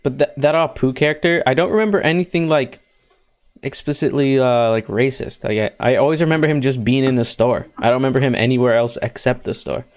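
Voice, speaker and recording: A man's voice: mid-range voice, brisk. A man chatting casually on a stream, joking and rambling with many fillers. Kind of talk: casual chat.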